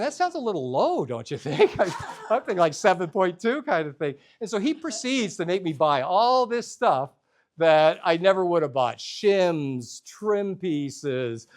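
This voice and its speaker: A man's voice: high-pitched, expressive, moderate pace. A man telling a comic story at a live workshop, self-deprecating and humorous. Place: workshop room with a live audience.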